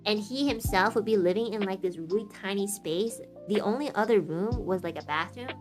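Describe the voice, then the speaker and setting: A woman's voice: mid-range voice, fairly quick, over music. A woman in her twenties from Canada, chatting frankly and casually on a stream, full of fillers and swearing. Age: 20s. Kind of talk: casual chat.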